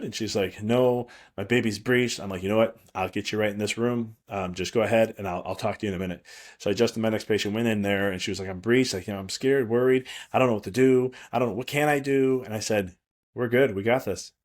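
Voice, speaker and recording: A man hosting a podcast as a prenatal chiropractor, talking in a rambling, reassuring way with frequent restarts. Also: fairly low pitch. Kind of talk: solo podcast monologue.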